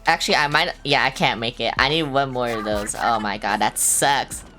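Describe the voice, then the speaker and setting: A woman's voice: rumbling low, moderate pace, pushed and bright, faint music behind. A young woman streaming a video game, talking casually to her viewers and a friend, swearing often and teasing herself. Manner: blunt, swears often, self-mocking. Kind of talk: casual live-stream chatter.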